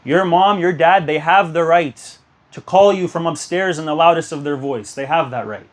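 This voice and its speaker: A man's voice: fairly high pitch, normal speed. A young man giving an earnest sermon to a youth gathering, telling stories and urging listeners. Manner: earnest, exhortative, storytelling. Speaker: youth speaker.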